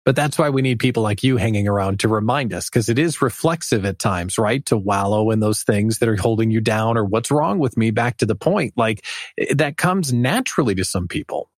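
A man's voice: fairly low pitch, lively intonation, a little fast, dry recording, studio quality. A man hosting a podcast for small business owners, talking in a friendly, conversational way. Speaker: podcast host. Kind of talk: podcast interview.

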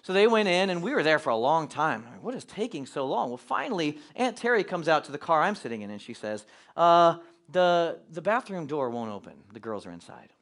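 A middle-aged pastor telling a family story in a sermon, animated and acting out the quotes. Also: male voice, fairly high pitch, fairly quick.

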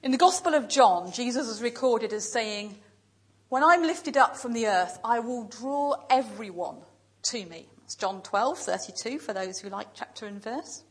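A woman preaching a sermon in a church, speaking in measured, emphatic lists with pauses. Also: a little high, expressive, slightly rough, rough recording.

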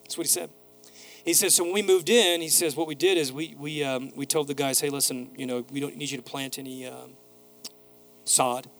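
A man's voice: mid-range voice, fairly even intonation, a little fast, fairly bright tone, soft background music. A man preaching a sermon as pastor, building to emphatic repeated phrases and telling a neighbor's story in a casual voice. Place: church sanctuary.

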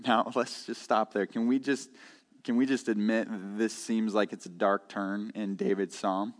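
A man's voice: mid-range voice, steady tone, a little slow, in a large hall. A man preaching a conversational sermon in a church, earnest and candid, often repeating words as he goes. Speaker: pastor. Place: church sanctuary.

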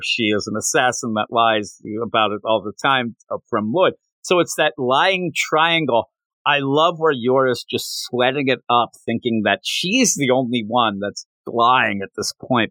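Male podcast co-host, animated, breaks into character voices. Bright tone, dead-dry sound. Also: mid-range voice, no echo. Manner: animated, quotes characters in quick put-on voices. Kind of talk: casual manga discussion.

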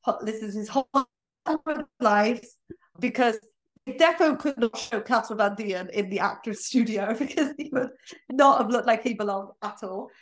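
A woman hosting a casual film review podcast, animated and blunt, often laughing. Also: a little high, normal speed. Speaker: podcast host.

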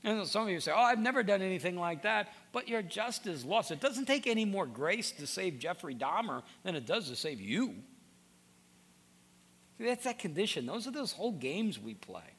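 A man's voice: sits high, sing-song, moderate pace, fairly bright tone, slightly rough. A man preaching a sermon, earnest and direct, often repeating words as he starts a sentence. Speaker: pastor.

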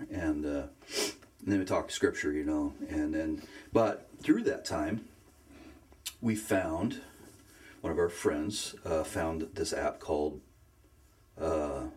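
A man telling his faith story in a casual conversation, earnest and emotional, often pausing to search for words. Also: extremely low pitch, expressive, darkish tone. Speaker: guest sharing faith story.

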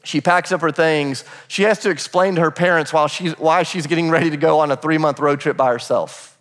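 Man, pastor, sermon, animated storytelling, higher voice, long hall echo. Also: brisk. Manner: animated storytelling, briefly acting out quoted voices. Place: church sanctuary.

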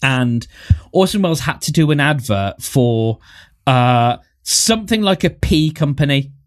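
A man's voice: on the high side, expressive, a little slow. A man hosting a podcast in casual nostalgic chat, enthusiastic and rambling, with many fillers. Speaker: podcast host.

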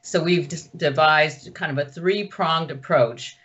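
A woman's voice: measured pace, fairly bright tone. A woman activist being interviewed over a video call, earnestly laying out her group's plan. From United States. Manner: earnest, pitching an organized plan. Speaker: guest activist. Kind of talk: remote interview. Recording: dull video call audio.

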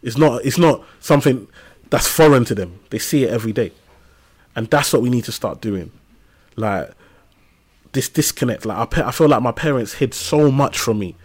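A man in his thirties, talking as a podcast guest. He speaks in an animated, storytelling way, full of casual slang and everyday asides, at a mid pitch for a man. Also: moderate pace, breathy edge. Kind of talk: casual conversational interview.

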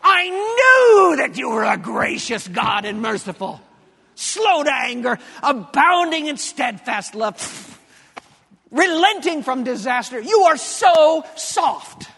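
A petulant prophet whines at God with a very high, strained voice, dragging out each complaint, as a man puts him on. The sound rings in a long hall reverb. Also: very animated, gravelly, bright, forceful tone, heavily acted. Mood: whining. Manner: whining, drawn-out and indignant. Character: sulking, whiny male prophet complaining to God.

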